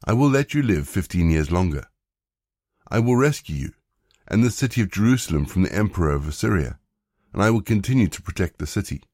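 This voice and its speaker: A man reading the words of a stern old prophet delivering warnings, in a plain, unhurried scripture reading. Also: low-pitched, lively intonation, darkish tone, dry recording, studio quality.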